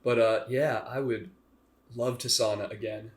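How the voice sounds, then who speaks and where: A man's voice: medium pitch, steady tone, measured pace. Wry young man, echoey room. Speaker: podcast co-host. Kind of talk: casual chat.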